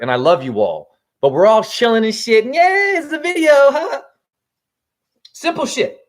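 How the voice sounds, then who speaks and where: Casting note: man in his forties, high voice with wide swings, livestream spiritual monologue, profane. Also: lively intonation, normal speed. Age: 40s. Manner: swings from low preaching to high shouts, swears. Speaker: spiritual teacher.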